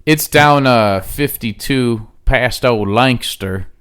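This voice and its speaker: A man's voice: mid-range voice, slow pace, fairly bright tone, smooth. A man from the US Midwest, a guest musician, telling drawling, profane stories in a casual podcast chat. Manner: folksy, drawling, profane storyteller. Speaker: guest, musician and venue owner.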